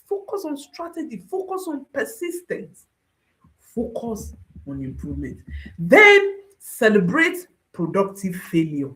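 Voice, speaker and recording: A woman coaching parents in a motivational talk, her voice set a little high and swinging widely in pitch. She drives each point home by repeating short phrases as refrains. Her voice rises and drops sharply for emphasis. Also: fairly bright tone.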